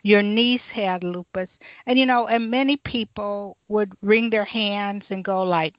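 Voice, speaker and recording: A woman hosts a radio talk show, chatting easily with her guest in a middle-pitched voice. The recording is dry and somewhat dull, lo-fi. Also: unhurried, no echo. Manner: conversational, chatty. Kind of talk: radio interview.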